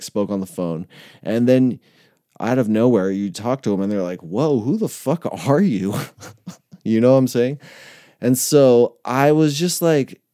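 A man's voice: medium pitch, dark tone, no echo, clean studio sound. A young man in recovery ranting casually, swearing a lot and laughing often as he rambles. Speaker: person in addiction recovery.

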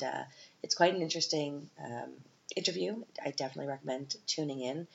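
Very low-voiced woman chatting candidly. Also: vocal fry. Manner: chatty and candid, with many fillers and self-corrections. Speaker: podcast host and mother. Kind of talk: casual solo podcast monologue. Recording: slightly muffled with faint hiss.

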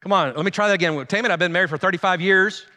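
Bright, high-voiced pastor, reverberant hall. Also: male voice, fairly even intonation, rapid-fire, a little hiss or hum. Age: middle-aged. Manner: calls out to the congregation, humorous storytelling. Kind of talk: sermon. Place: large church sanctuary.

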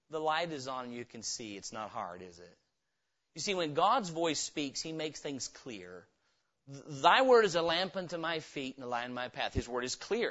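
A man's voice: medium pitch, bright, forceful tone. A man preaching a revival sermon in a church, emphatic and firing rhetorical questions at the congregation. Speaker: pastor. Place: church sanctuary. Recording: dull lo-fi sermon recording.

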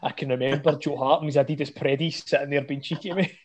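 Scottish man, podcast co-host, animated storyteller, slightly high voice. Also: fast talker. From Scotland. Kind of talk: casual podcast chat.

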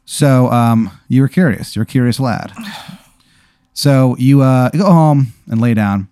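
A man's voice: mid-range voice, measured pace, warm tone, clear, resonant tone, dry recording. A man casually telling an improvised hypothetical story, in a laid-back way with lots of fillers.

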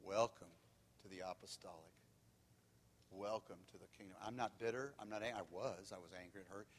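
A man preaching, telling candid stories that swing from loud and animated to quiet and hushed. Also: lowish voice, a little fast, slight background noise. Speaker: pastor. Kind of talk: sermon. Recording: long hall reverb.

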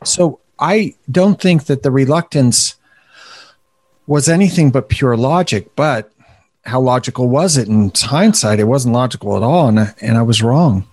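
A man co-hosting a podcast, recorded dry and close with no room sound. He talks in a relaxed, chatty way, with a self-deprecating streak. His pitch sits in the middle range for a man. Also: moderate pace, no echo. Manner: self-deprecating, animated, laughs at himself. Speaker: podcast co-host. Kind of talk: casual podcast conversation.

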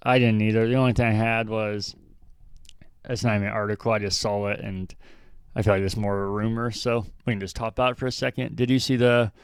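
A young man with a low, smooth voice hosting a relaxed gaming podcast. He thinks out loud and rambles through his points, poking fun at himself. The sound is dry and close. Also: a little fast, no echo. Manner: rambling, self-deprecating, thinks aloud. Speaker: podcast host. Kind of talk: casual chat.

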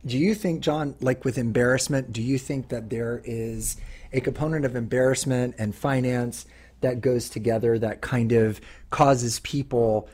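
A middle-aged man in casual podcast chat, earnest and a little rambling. He restarts his sentences often, and his voice carries a husky, breathy texture. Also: medium pitch, steady tone, unhurried, a little mellow. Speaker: podcast host.

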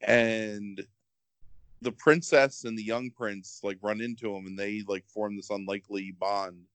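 A man co-hosting a podcast in casual chat, rambling and animated, filling with "like". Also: on the low side, a little slow, smooth, dry recording.

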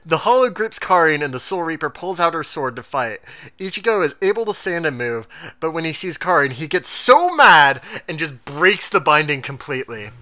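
A man co-hosting a casual podcast, recapping an anime episode in an animated way, laughing often and quoting characters in quick asides. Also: on the high side, no room sound. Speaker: podcast co-host.

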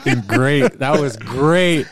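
A man hosting a casual talk show, excitable and laughing often as he chats with his guests. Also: mid-range voice, takes it slowly, a crowd in the background. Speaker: podcast host. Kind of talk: casual chat.

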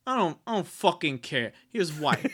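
A man's voice: fairly high pitch, very animated, moderate pace, a bit bright, exaggerated voice. A man doing a cocky New Jersey guy. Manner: gruff, profane, boastful. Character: brash swaggering male author, blunt and cocky.

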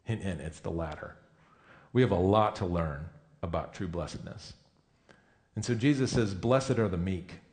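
A man's voice: deep voice, normal speed, pauses often, darkish tone. A man preaching a sermon in a conversational, emphatic way, often correcting himself mid-sentence. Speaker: pastor.

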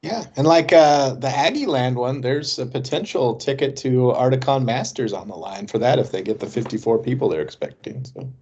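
A man's voice: medium pitch, lively intonation, normal speed, hardly any pauses, darkish tone, slightly rough, lo-fi sound. A man co-hosting a casual hobby podcast, easygoing and matter-of-fact. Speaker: podcast co-host. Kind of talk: casual chat about tabletop wargaming.

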